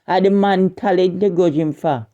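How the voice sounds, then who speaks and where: A woman's voice: on the low side, moderate pace, dull audio. A woman with a Jamaican accent delivering an indignant scolding rant as an online commentator, repeating and stumbling over her words.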